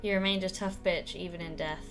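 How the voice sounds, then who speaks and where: A woman's voice: lowish voice, fairly even intonation, a little fast, over music, lightly acted. A woman voicing an older witch speaking tenderly and wryly at her sister's grave, in a game played aloud. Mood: wistful. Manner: wry, tender. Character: older witch, wry and affectionate.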